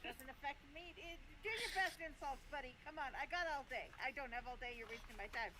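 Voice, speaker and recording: A woman's voice: high voice, a little fast, heavy background noise. A woman playing a halfling in a tabletop game, playful and teasing as she speaks in character. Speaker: player.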